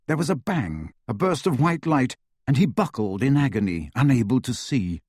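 Man narrating an audiobook, animated delivery, dry close sound. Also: mid-range voice, moderate pace, husky, no echo. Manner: lively, expressive reading that acts out the action. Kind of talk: scripted story narration.

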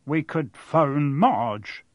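A man doing a gruff, threatening uncle. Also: fairly high pitch, expressive, extremely slow, no room sound. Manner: gruff and menacing. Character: blustering, threatening heavyset uncle.

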